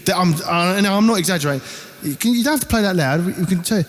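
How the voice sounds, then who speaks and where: High-pitched essex bloke, animated storyteller, swears a lot, reverby room. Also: male voice, rapid-fire. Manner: animated, swearing, acts out voices in anecdotes. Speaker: band member. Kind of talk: casual storytelling.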